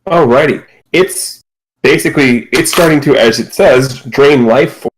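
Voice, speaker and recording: A man acting as game master, explaining rules and narrating a tabletop game over a voice call with a relaxed, playful manner. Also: medium pitch, unhurried, low-quality recording.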